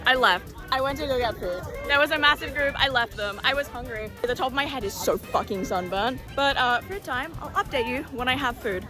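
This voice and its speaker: A woman with an Australian accent filming herself on a phone at a convention, chatty and excitable, swearing casually. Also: high voice, brisk. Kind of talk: handheld vlog clips. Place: busy convention hall and lounge, indoors. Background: loud music.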